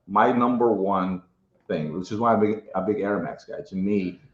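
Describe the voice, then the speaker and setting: A middle-aged man from Ukraine giving a casual interview, emphatic, often tagging "right?" onto his points. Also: lowish voice. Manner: fast, emphatic, keeps adding "right?". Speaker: interviewee, sneaker collector. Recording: roomy, dull sound.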